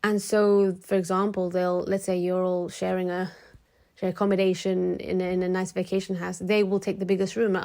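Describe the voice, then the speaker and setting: A woman's voice: on the low side, a little fast. Frank, chatty woman vlogger. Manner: frank and chatty, many restarts; animated, acts out quoted people. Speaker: motivational vlogger. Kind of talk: casual talk to camera.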